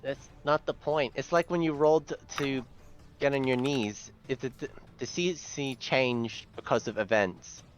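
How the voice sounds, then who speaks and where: A man playing in a tabletop game, joking and excitable in casual chat. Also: medium pitch, unhurried. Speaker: player.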